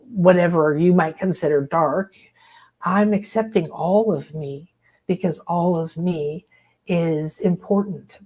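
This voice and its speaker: A woman hosting a spiritual workshop, talking in a casual, enthusiastic, expressive way and acting out little voices as she teaches. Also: lowish voice. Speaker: host leading a spiritual workshop.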